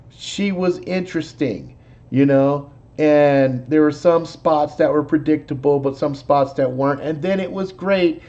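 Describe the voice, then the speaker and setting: A man's voice: on the high side, mellow, muffled recording. A man hosting a live show, chatting casually in a profane, rambling, laid-back way. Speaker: host. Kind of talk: casual chat, movie talk.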